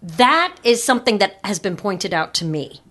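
A woman's voice: medium pitch, very animated, normal speed, fairly bright tone. A woman guest on a podcast giving speaking advice in a direct, instructive way. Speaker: guest communications expert. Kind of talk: podcast interview.

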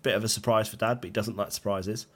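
A man's voice: on the low side, steady tone, quick pace. A young man co-hosting a podcast over a video call, telling stories in a self-mocking way and laughing often. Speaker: podcast co-host. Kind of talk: casual chat.

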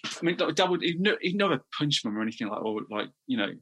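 A middle-aged man from England talking candidly as an interview guest, halting often with restarts and repeated words. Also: a little high, very animated, fairly bright tone, breathy edge.

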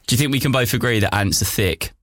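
A man's voice: medium pitch, quick pace, a bit bright, dry recording, studio quality. A man co-hosting a podcast, bantering casually in a jokey, teasing way. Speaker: podcast co-host.

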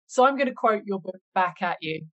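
Man, podcast host, high voice, wry, casual chat. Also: animated, fairly quick, muffled recording.

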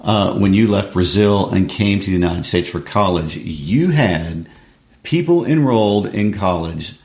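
Man, very low voice, co-host asking prompting questions, recorded with a roomy echo. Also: animated, a little slow, darkish tone. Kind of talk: casual literary discussion.

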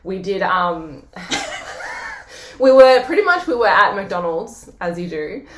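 A giggly Australian woman in her thirties tells stories on her podcast with a lively voice that swings up and down. The sound is roomy and echoey. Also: medium pitch, slow, a little hiss or hum. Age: 30s. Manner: giggly, animated storyteller. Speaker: podcast co-host. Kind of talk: casual chat. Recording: roomy echo.

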